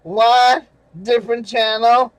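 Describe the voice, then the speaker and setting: A man with a fairly high voice rants at a slow, dragging pace, cursing and sarcastic as he reads out comments. He chuckles now and then between angry remarks. The sound is dry and close. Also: fairly even intonation, smooth, dry recording, lo-fi sound. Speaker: channel host reading viewer comments. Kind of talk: casual ranting commentary.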